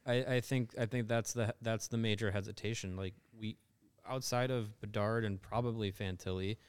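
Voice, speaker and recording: A man co-hosting a relaxed sports podcast, mostly agreeing with the others and thinking aloud with frequent restarts. His voice is fairly low, with a smooth, resonant tone. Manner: agreeable, hesitant, lots of restarts and yeahs. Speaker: podcast co-host. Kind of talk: casual sports podcast chat.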